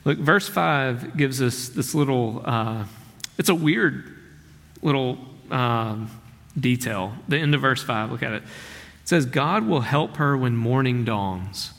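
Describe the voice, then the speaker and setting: Male pastor preaching, earnest, gets slow and soft on the big lines, long echo like a big church. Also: medium pitch, lively intonation, gravelly. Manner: earnest, emphatic preaching with slowed, softened key phrases. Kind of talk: sermon.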